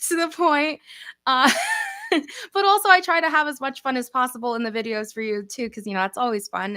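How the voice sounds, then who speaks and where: A woman's voice: on the high side, bright, forceful tone, dry recording, clean studio sound. A young woman from New York with a New York accent, chatting casually with viewers as host of a livestream Q&A, upbeat and often laughing. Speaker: channel host.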